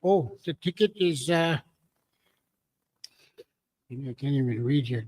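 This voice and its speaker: A man emceeing a community meeting, calling out draw numbers slowly with jokes. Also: medium pitch, lively intonation, darkish tone, muffled recording. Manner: jokey, drawn-out number calling.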